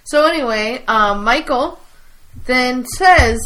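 A woman's voice: fairly high pitch, lively intonation, moderate pace, bright, forceful tone, poor audio. A woman co-hosting a casual chat, retelling scenes and quoting lines between laughs. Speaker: podcast co-host recapping episodes.

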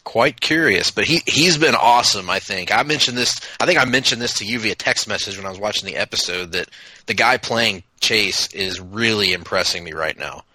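A man co-hosting a casual TV recap chat, talking enthusiastically in quick bursts with frequent restarts. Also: fairly low pitch, sharp tone, no echo, poor audio. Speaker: podcast co-host.

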